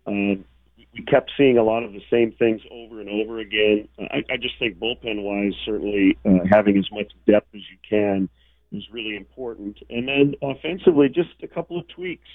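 A man, a baseball broadcaster calling in as a guest, giving measured analysis with many fillers. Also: fairly low pitch, dry recording. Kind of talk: phone interview analysis. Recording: tinny dry phone line.

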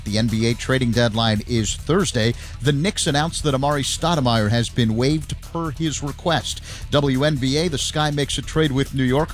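Man, mid-pitched voice, sports update read, brisk announcer delivery, faint music behind. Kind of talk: scripted sports news update.

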